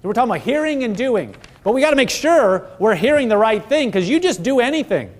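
A man with a notably high-pitched voice delivers a conversational Bible teaching. He is earnest and keeps pressing listeners with rhetorical questions. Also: big pitch swings, fairly quick. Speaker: preacher.

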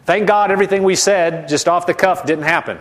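A man preaching a sermon, emphatic and repetitive, dropping soft and low to model spoken declarations. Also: fairly quick.

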